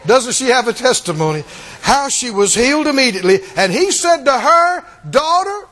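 Man preacher, very high voice, lively swings, acts out scripture with laughs. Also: moderate pace. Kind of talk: sermon.

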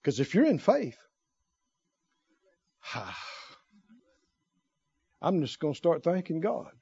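A man preaching a sermon in an animated way, firing rhetorical questions and breaking into laughter. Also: on the high side, slow pace, husky. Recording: dull lo-fi recording.

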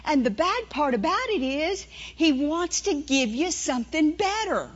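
A woman preaching a sermon, telling stories and acting out voices with lively delivery. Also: high voice, unhurried, lo-fi sound. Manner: storytelling, animated, acts out inner voices.

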